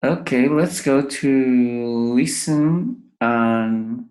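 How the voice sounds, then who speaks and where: Slow, patient male English teacher. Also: medium pitch, a little mellow. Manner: repeats each word slowly to drill pronunciation. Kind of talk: pronunciation lesson.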